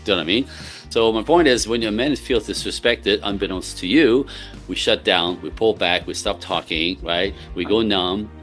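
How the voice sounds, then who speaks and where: A man's voice: fairly low pitch, moderate pace, a bit bright, soft background music. A man speaking as a relationship coach in casual podcast talk, earnest and emphatic, often laughing between points.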